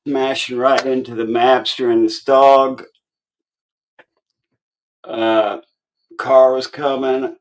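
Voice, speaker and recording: A man's voice: mid-range voice, level tone, slow. A man hosting his own online show in a casual, rambling chat, tired and cursing freely as he tells stories. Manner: profane, rambling storytelling.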